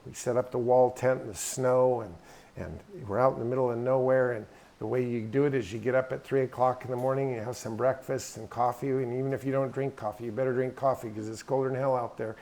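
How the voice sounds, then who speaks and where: A middle-aged man, a guest speaker at an event held in a hangar, tells a folksy, emphatic story in a drawl. His mid-range, darkish voice moves fast with fairly even intonation in this storytelling talk.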